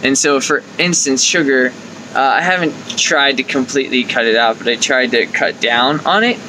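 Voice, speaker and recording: Young male vlog host, bright and tense tone, chatty coaching delivery that acts out inner voices. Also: medium pitch, moderate pace, slight background noise, rough recording. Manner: conversational, acts out inner thoughts with lively quoted asides. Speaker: life coach and video host. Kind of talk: casual talking-to-camera advice.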